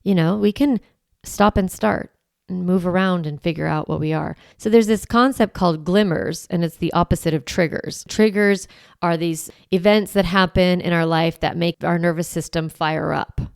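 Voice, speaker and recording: A woman's voice: lowish voice, moderate pace, gravelly, darkish tone, clean tone, dry recording, studio quality. A woman who is a parenting coach and podcast host, talking in a chatty, encouraging way and often saying "like" and "right". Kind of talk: casual podcast monologue.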